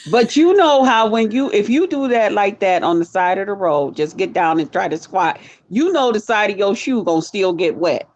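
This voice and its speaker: A woman's voice: medium pitch, moderate pace, few pauses, a little mellow. A woman from the North in a casual chat, playful and informal with lots of slang. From northern United States.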